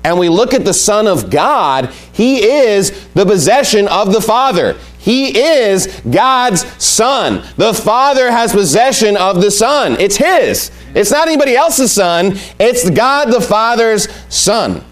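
A man's voice: sits high, sing-song, takes it slowly, hardly any pauses. A man preaching a sermon, emphatic and repeating his key points as he reads scripture aloud. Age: adult with young family.

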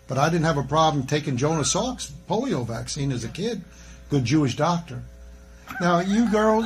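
Here is an older man preaching from the pulpit, his voice sitting a little high for a man. He rambles in a folksy way, tossing off jokey asides as he goes. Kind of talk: preaching a sermon.

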